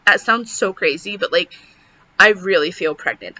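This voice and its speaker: A young pregnant woman talks to her camera in a very bright, tense voice. She rambles and fills every pause with "like". The sound is dull and lo-fi. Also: lowish voice, animated. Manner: rambling, says "like" constantly. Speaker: vlogger. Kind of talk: casual chat to camera.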